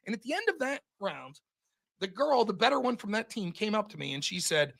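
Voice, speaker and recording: A young man hosts his own stream and tells the story in a fast, profane rush. His voice sits high for a man and sounds bright and forceful. He jumps into quoted voices and keeps up a lively, animated pace. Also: vocal fry. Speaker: streamer and debater, show host.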